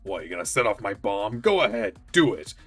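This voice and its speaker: A streamer reads out a visual novel in a man's voice, pitch swinging all over the place as he jumps between characters and his own reactions. Faint game music sits underneath him. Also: a little fast. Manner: reads every character aloud, with animated asides and laughter. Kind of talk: reading a visual novel aloud while playing.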